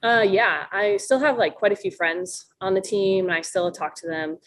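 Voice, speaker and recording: A woman's voice: medium pitch, normal speed, slight background noise, low-quality recording. A young woman from Minnesota, a college volleyball player, answering podcast interview questions in a chatty way, laughing often and acting out quotes. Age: young adult.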